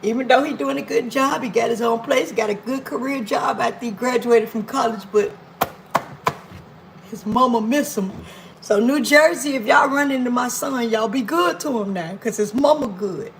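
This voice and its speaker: A woman's voice: on the high side, normal speed, creaky, slight background noise, low-quality recording. A woman hosting a casual cooking livestream from her home kitchen, playful and teasing her viewers as she talks into her phone. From Miami. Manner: playful, teasing viewers, drawling African American Vernacular speech.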